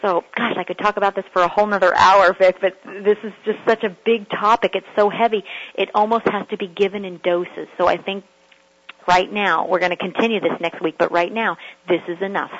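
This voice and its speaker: Motivational woman coach, earnest and questioning, slightly breathy tone over a muffled radio recording. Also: medium pitch, fairly even intonation, brisk, fairly bright tone. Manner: earnest, repeats rhetorical questions. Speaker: personal coach. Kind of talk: motivational teaching talk.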